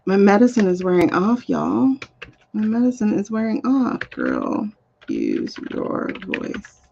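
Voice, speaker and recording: A woman's voice: mid-range voice, expressive, normal speed, gravelly, warm tone, lo-fi sound, a little hiss or hum. A woman reading cards on a live stream, chatting casually and muttering to herself while she sorts out links. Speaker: live card reader. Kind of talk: casual livestream chat.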